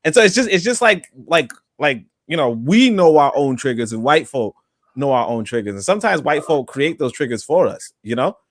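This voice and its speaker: A man hosts a livestream podcast, talking loosely and ramblingly with many fillers and asides. His medium-pitched voice has big pitch swings at normal speed. The audio is studio quality with no echo.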